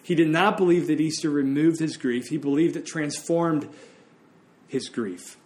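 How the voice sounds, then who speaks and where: Man, pastor, sermon, earnest, slightly high voice. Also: steady tone, moderate pace, a little mellow.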